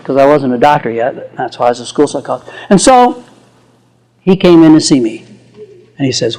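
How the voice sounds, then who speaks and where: An older man, a psychologist, giving an animated storytelling lecture. He laughs often and acts out the quotes in his stories. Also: medium pitch, brisk, low-quality recording.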